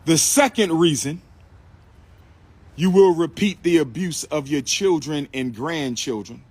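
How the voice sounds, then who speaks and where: Husky guy preaching on a livestream, repeats himself a lot, keeps asking viewers to answer, dry close sound. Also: a little high, a little slow, darkish tone, no echo. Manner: preachy, repetitive, call-and-response with viewers. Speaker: livestream host and lecturer. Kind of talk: live-streamed talk to viewers.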